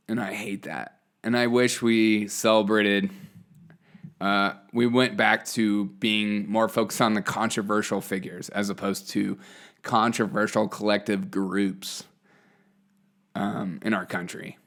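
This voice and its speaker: A man's voice: lowish voice, little pitch movement, takes it slowly, a bit bright. A man hosting his own show, talking through his views in a rambling monologue full of fillers and restarts. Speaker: show host. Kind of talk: casual opinion monologue.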